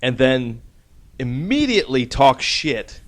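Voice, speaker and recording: A man's voice: mid-range voice, big pitch swings, takes it slowly. A man hosting a casual podcast, telling a rambling, profane anecdote and laughing at his own story. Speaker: podcast host.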